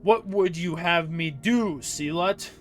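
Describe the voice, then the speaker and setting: A man voicing a formal nobleman, speaking slowly and courteously. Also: a little high, faint music behind.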